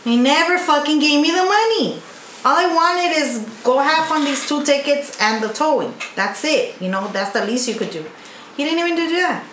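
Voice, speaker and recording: A middle-aged woman, co-host of a podcast, telling a story in animated casual chat with heavy swearing. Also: sits high, moderate pace. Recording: roomy echo, faint background noise.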